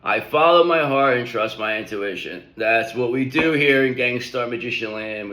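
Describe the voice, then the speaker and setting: A man in his middle range of pitch hosts a casual spiritual tarot reading. His talk is loose and rambling, full of slang and repeated check-ins. The room around him rings with echo. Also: expressive, unhurried, sharp tone, a little hiss or hum. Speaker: tarot reader.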